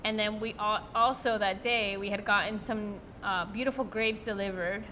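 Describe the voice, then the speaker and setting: Bright-voiced woman chef, frank. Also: mid-range voice, normal speed, slight background noise. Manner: relaxed, frank, short answers. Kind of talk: casual interview chat.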